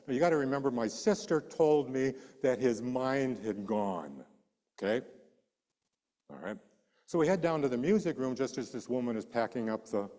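A man preaching a sermon, telling a personal story with animated delivery and acting out the voices of the people in it. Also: mid-range voice, big-room sound.

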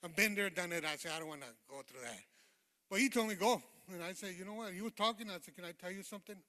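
A man's voice: high-pitched, fast, bright, forceful tone. A man giving a testimony sermon as a lay preacher, fervent and informal, calling out "amen" to the congregation in a church sanctuary. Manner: informal, rambling, with many fillers. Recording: long hall reverb in a church.

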